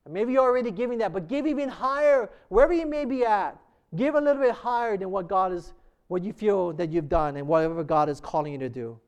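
A man's voice: sits high, animated, quick pace, clean tone. A man preaching a sermon as a pastor, emphatic and asking the congregation rhetorical questions.

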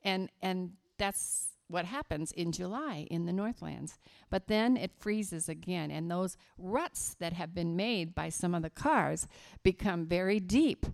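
Woman from west virginia telling kids a church story, slow and emphatic, bit of creaky fry. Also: lowish voice. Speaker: children's story speaker at church. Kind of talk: children's sermon.

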